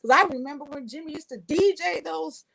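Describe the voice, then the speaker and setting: A woman's voice: high voice, a little fast, creaky, low-quality recording. A woman from Minnesota, an interview guest, telling family stories enthusiastically, with frequent restarts. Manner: enthusiastic, warm, with repeated restarts. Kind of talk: conversational storytelling.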